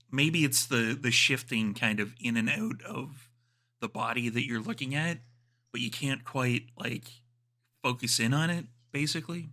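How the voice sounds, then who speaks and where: A man's voice: mid-range voice, bright, forceful tone. A man narrating as storyteller of a tabletop role-playing game, describing scenes loosely with many fillers.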